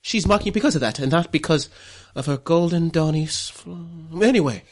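A man's voice: on the high side, fairly quick, a little mellow. A man narrating as game master, in a playful tone.

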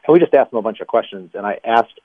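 A man's voice: on the low side, fast, no room sound. Man telling stories over a phone line. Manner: animated storyteller who laughs between lines. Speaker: ministry guest, former pastor. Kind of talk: radio interview storytelling. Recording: dry tinny phone line.

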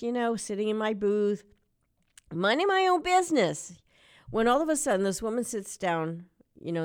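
A middle-aged woman hosting a local radio show, telling stories and ranting in a chatty, animated way. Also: on the low side. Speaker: radio host.

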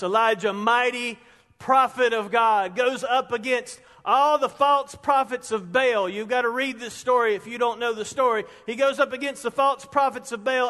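A man preaching a storytelling sermon as a pastor, chatty and conversational, building his stories up to loud peaks. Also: very high voice. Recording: long reverb of a large hall.

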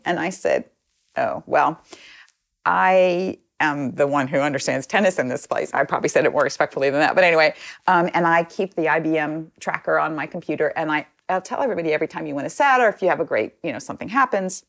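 Woman, low voice, gravelly edge, chatty storyteller, lots of ums. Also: quick pace. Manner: chatty, many ums, quotes others in lively asides. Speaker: interview guest. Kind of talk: casual storytelling.

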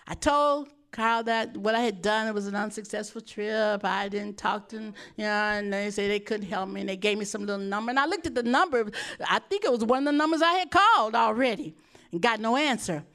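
Talk with a high, bright voice, as a pastor telling your own story from the pulpit. Stay animated, address the congregation directly and slip into the voices of the people you describe. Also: female voice, moderate pace, clean tone. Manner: animated storyteller, laughing often, acting out voices. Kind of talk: sermon testimony storytelling.

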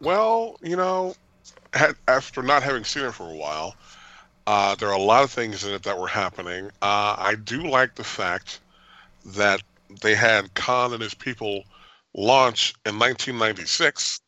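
A man's voice: fairly low pitch, animated, moderate pace, sharp tone, no echo, muffled recording. A man co-hosting a casual podcast chat, playful and jokey, laughing easily. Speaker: podcast co-host.

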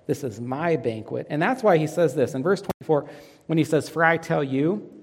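A pastor preaching a sermon who asks the congregation fill-in questions and swings dramatically in pitch and loudness. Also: male voice, animated, normal speed, husky. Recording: long reverb of a church hall.

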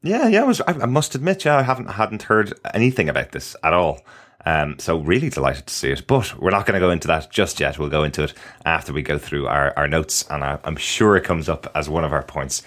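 A man's voice: extremely low pitch, a little fast. A man with an Irish accent, hosting a casual podcast discussion and reading an episode synopsis, laughing often. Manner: animated, laughs often, reads synopsis aloud. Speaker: podcast host.

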